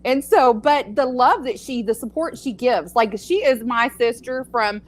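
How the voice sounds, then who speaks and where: A woman's voice: on the high side, measured pace. A middle-aged grandmother with a Texas accent, co-hosting a casual talk show and chatting in a rambling, easygoing way. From California. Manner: chatty, rambling, laughs easily. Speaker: podcast co-host. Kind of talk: casual chat.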